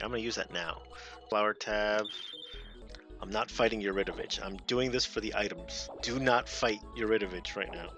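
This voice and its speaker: A man giving lively let's play commentary, laughing and talking back to game characters. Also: lowish voice. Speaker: gaming video host.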